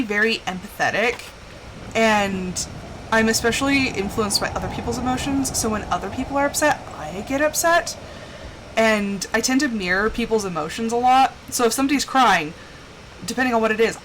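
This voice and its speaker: A woman's voice: fairly high pitch, fairly bright tone, a little hiss or hum, rough recording. Chatty young woman streaming a game. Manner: chatty and candid, acts out quoted voices. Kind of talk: casual chat while gaming.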